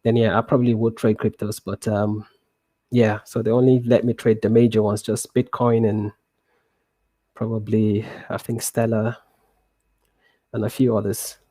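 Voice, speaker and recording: A man streaming live trading, answering viewer questions in a relaxed, rambling way with many restarts and fillers. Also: on the low side, moderate pace, pauses often, no echo.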